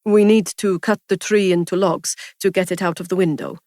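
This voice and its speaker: A woman's voice: on the low side, fairly even intonation, a little fast, mellow, no room sound, clean studio sound, lightly acted. A woman reading a story, voicing a polite, wistful young man who speaks formally without contractions. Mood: practical.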